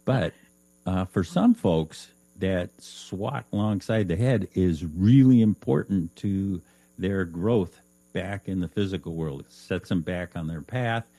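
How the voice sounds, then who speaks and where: Male guest, very deep and mellow voice, dry sound, calm explainer. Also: takes it slowly, no room sound. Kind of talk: casual radio interview chat.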